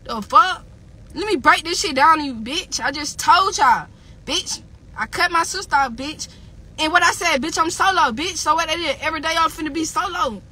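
This angry livestream rant comes from a woman rapper whose voice sits high and sounds pushed and bright, moving at a normal pace. Cursing nonstop, she keeps circling back to the same insults and lines in a heated tirade.

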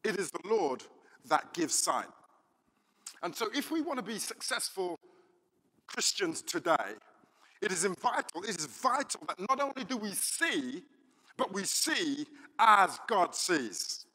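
A man, a pastor preaching a sermon in a church and telling the story in an animated way, with many fillers. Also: high voice, unhurried, pauses often. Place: church hall. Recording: reverberant church hall.

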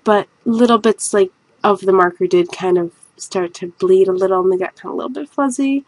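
A woman's voice: mid-range voice, brisk, a little mellow, dry recording, rough recording. A woman artist with a somewhat nasal voice, chatting in a rambling, self-mocking way over a video of her painting.

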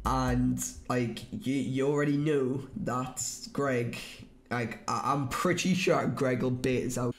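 A young man with a Geordie accent, hosting a rambling, excitable prank-call vlog. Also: medium pitch, slow pace, soft background music. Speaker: YouTuber host. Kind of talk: casual vlog chat.

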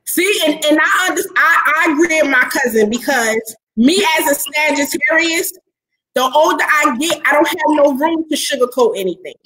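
Animated, high-voiced woman telling stories. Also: normal speed, slight background noise, poor audio. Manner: animated storyteller, emphatic, plain-spoken. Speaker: podcast co-host. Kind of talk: casual chat.

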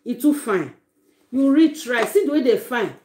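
A woman's voice: a little high, animated, normal speed, warm tone. A Nigerian woman chatting casually on a live stream, greeting her viewers one by one with effusive exclamations. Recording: roomy echo.

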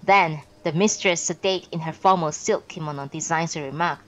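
A woman reading a classic novel aloud on a live stream, expressive with pauses and small self-corrections. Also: deep voice, dull audio. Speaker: narrator and streamer.

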